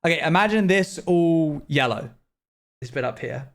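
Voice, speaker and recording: A man's voice: on the high side, expressive, normal speed. A young man streaming live, chatting casually with his viewers while he plays, rambling and often restarting his sentences. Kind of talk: casual livestream chat while playing.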